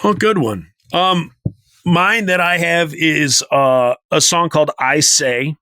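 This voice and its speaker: A man's voice: a little high, slow, bright, forceful tone, no room sound. A man in his forties telling a rambling story in casual chat as podcast co-host, now and then humming bits of a tune. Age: 40s. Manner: rambling storyteller, hums snippets of tunes.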